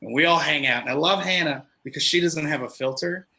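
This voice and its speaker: A man on a comedy club stage, telling a loose, profane stand-up story and slipping into quick impressions of the people in it. His voice is very bright and forward, pitched a little above the usual for a man. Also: poor audio.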